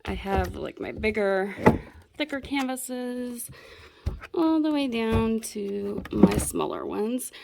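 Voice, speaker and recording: A woman's voice: fairly high pitch, animated, slow, gravelly, heavy background noise. A young woman giving a rambling, self-deprecating tour of her craft room at home, chatting casually and laughing at herself. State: a bit out of breath. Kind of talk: casual chat.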